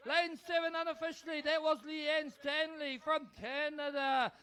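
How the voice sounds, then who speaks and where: A man calling a canoe race live as announcer, excitable and urging the crowd to cheer. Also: extremely high pitch, normal speed, hardly any pauses. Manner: excitable, urges the crowd, tongue-tied at times. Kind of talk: live sports commentary. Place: outdoor regatta venue.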